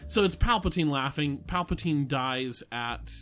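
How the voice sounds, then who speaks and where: A man co-hosting a casual podcast, blunt and opinionated, quick to laugh. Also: a little high, expressive, fairly bright tone, soft background music. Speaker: podcast co-host. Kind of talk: casual chat.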